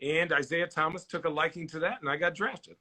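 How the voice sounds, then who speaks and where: A man's voice: fairly high pitch, fairly quick. A man in his forties, a former basketball player, telling stories in a casual interview and acting out the people he quotes. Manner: animated storyteller, acts out quoted voices.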